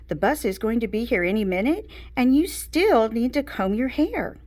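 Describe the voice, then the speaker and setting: A woman's voice: fairly high pitch, expressive, darkish tone, lightly acted. A woman voicing a busy mother hurrying her kids off to school in a read-aloud storybook. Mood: brisk. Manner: brisk, scolding.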